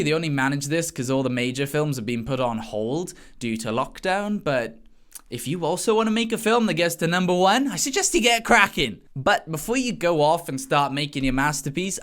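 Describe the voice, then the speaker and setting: A man's voice: a little high, a bit bright. A man doing wisecracking, sarcastic comedic commentary on news stories. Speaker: comedy vlogger.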